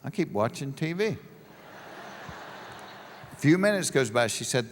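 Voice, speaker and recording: A man's voice: mid-range voice, very animated, a little slow, long pauses, a little hiss or hum. A middle-aged man doing stand-up comedy, telling stories and acting out both sides of conversations. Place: large live venue with an audience. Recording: live show with hall reverb.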